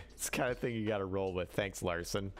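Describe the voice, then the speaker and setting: A man's voice: low voice, fairly quick, a little hiss or hum. A man hosting a casual livestream about running tabletop games, rambling and restarting his sentences as he answers viewer chat. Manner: rambling, with frequent restarts and self-corrections. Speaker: livestream host.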